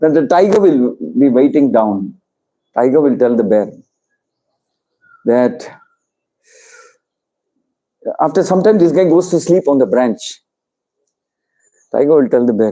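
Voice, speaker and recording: A man's voice: mid-range voice, normal speed, pauses often, poor audio. A man, preaching to a congregation by telling a story and voicing its characters in turn. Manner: animated storyteller, voices characters in quotes. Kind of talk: storytelling sermon.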